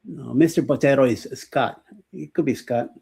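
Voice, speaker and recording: Joking husky-voiced man on a stream. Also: medium pitch, moderate pace, warm tone. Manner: joking, rambling, full of "uh" fillers, laughs often. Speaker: co-host of a morning live show. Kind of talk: casual live-stream chat.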